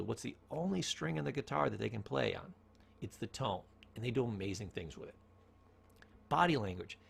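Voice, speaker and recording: A man giving a motivational talk on communication, telling stories and asking rhetorical questions. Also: mid-range voice. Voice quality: gravelly, husky voice. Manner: storytelling, asks rhetorical questions, varies tone for emphasis. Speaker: speaker on communication.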